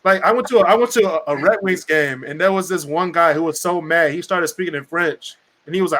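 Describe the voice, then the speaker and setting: A young man from Michigan co-hosting a casual podcast chat, animated and laughing often, acting out the people he quotes. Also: a little high, fast, hardly any pauses. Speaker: podcast host.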